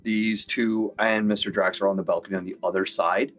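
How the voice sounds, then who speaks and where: A man narrating as game master in a relaxed manner, with many fillers. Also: on the low side, fairly quick.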